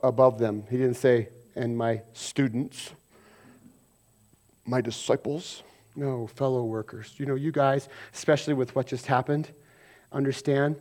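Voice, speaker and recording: Speaking in a mid-range voice, a man preaches conversationally as pastor, alternating booming emphasis with soft asides and rattling off mock voices to dramatize everyday squabbles.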